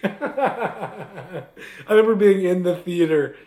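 A man's voice: high voice, animated, takes it slowly, mellow. A man co-hosting a podcast, chatting casually in a jokey, teasing way and laughing often. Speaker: podcast co-host. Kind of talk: casual chat.

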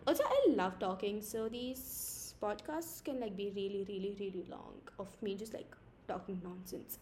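A young woman from India with a squeaky voice, rambling and giggling through an improvised podcast from home late at night. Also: moderate pace, warm tone, slight background noise. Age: young adult. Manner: giggly, rambling, self-mocking. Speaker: podcast host. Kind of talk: casual improvised podcast chat.

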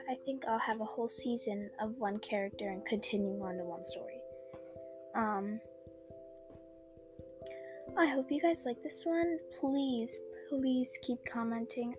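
A woman hosting a fan fiction podcast, chatting casually with many fillers, tired after a sleepless night, on an old cheap microphone. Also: a little high. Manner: chatty, filler-heavy, apologetic. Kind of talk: casual chat and story reading. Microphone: old low-quality microphone.

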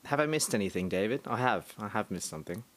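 A man co-hosting a podcast, bantering in an animated, jokey way and trailing off mid-sentence. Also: on the low side, quick pace. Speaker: podcast co-host. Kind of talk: casual banter.

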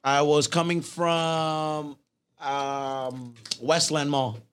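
A young man chatting casually as a podcast guest, playful and quick to slip into a mock announcer voice. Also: a little high, flat delivery, smooth. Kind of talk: casual chat.

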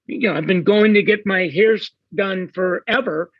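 A man who works as a hairstylist, a podcast guest who talks haltingly with many restarts. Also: high-pitched, breathy edge, dry recording, phone-quality sound. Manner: hesitant, many fillers and restarts. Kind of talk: casual podcast chat.

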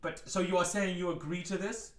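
A man co-hosting a comedy podcast, lecturing in a grandiose deadpan way and ending points with a questioning "yeah?". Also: high voice, brisk, reverberant, recorded from a distance. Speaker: podcast co-host.

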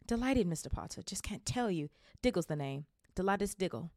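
A woman reading aloud, voicing an excitable little man who gushes in a high, eager voice. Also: fairly quick, no echo, studio quality. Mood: gushing. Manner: gushing, high-pitched.

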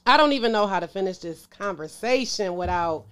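A woman's voice: medium pitch, expressive, brisk, fairly bright tone, clear, resonant tone. A woman hosting a casual sports show to camera, emotional, sighing and calling out to her viewers. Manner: emotional, exclaims and sighs, talks to viewers as "y'all".

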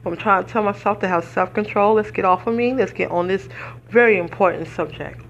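A woman's voice: mid-range voice, fairly quick, highs cut off, a little hiss or hum. Tearful, emphatic woman podcaster. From United States. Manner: earnest, preacherly, emphatic. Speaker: podcast host. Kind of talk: emotional personal commentary.

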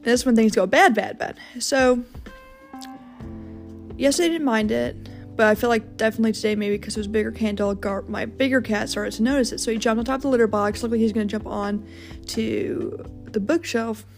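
Casual young female host, high-ish voice, rambly and profane, light music bed. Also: brisk. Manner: rambling, frequent fillers and swearing. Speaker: podcast host. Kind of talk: casual storytelling monologue.

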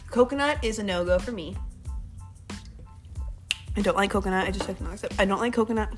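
A woman's voice: medium pitch, a little fast, over music. A young woman hosting a casual faith podcast, talking in a rambling, chatty way and often cutting herself off. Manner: rambling, chatty, self-interrupting. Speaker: podcast host. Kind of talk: casual Christian podcast talk.

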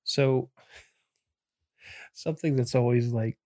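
A man co-hosting a casual film podcast, relaxed, paraphrasing scenes in acted voices. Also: medium pitch, very slow, no echo, clean studio sound. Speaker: podcast co-host.

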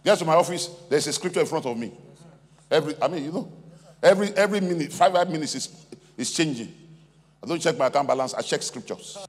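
A man's voice: fairly high pitch, animated, fast talker. A man preaching a sermon as pastor, emphatic and repetitive, calling on the congregation to respond. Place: large convention hall. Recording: reverberant hall, faint hum.

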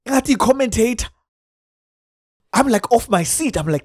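A man with a South African accent telling a comic story in an animated way, dropping in Xhosa exclamations. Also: high-pitched, normal speed, no echo, studio quality.

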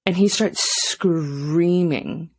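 A woman's voice: lowish voice, extremely slow, darkish tone, slightly rough, no echo. A young woman co-hosting a casual parenting chat, telling blunt stories and swearing freely. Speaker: podcast co-host.

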